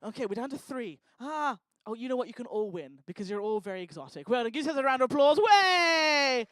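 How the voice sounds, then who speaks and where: A woman's voice: a little high, expressive, quick pace, darkish tone, no echo. Teasing woman hosting an event. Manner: teasing, joking, chatty. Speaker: event host. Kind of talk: stand-up style crowd work. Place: lecture hall stage.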